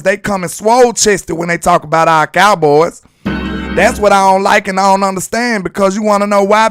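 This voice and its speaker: Animated Southern man hosting sports talk. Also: high-pitched. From Alabama. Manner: animated, slangy, breaks into sing-song shout-outs. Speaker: sports channel host. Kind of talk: casual livestream sports commentary.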